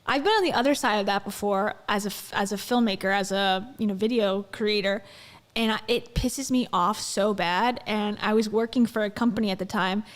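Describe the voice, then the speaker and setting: A woman's voice: mid-range voice, fairly quick, big-room sound. A woman co-hosting a casual commentary podcast, telling stories animatedly, swearing and laughing often. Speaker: podcast co-host and video creator.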